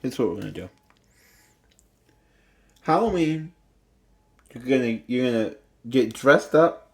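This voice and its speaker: A man's voice: mid-range voice, lively intonation, moderate pace, long pauses, a little mellow. A man reading tarot cards on a livestream in a casual, rambling way, repeating himself and stumbling a little, his throat catching. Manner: rambling, repetitive, chatty with small stumbles. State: throat catching, slightly choked. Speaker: tarot reader.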